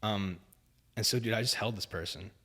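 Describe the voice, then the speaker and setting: Guest, young adult male, low register, loose, filler-heavy storytelling. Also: a little fast, bright, forceful tone, slightly rough. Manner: rambling, filler-heavy, says "like" and "dude" often. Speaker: podcast guest. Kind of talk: casual storytelling chat.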